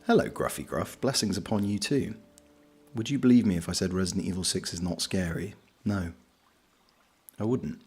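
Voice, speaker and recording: A British man with a low, slightly husky voice chats on his stream at home. He rambles and jokes at his own expense while reading out viewer messages, with soft music faintly behind him. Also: normal speed, long pauses. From Britain. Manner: joking, self-deprecating, rambling. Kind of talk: casual chat reading out viewer comments.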